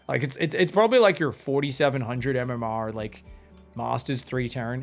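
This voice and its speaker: A man giving excitable live commentary on an esports match, breaking into sudden high exclamations. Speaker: esports caster.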